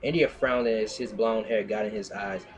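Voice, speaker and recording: A man's voice: lowish voice, steady tone, normal speed, soft background music. A man giving a mocking dramatic reading of an amateur story, breaking off with exasperated, sarcastic asides. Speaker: streamer reading fan fiction. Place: streaming setup at home.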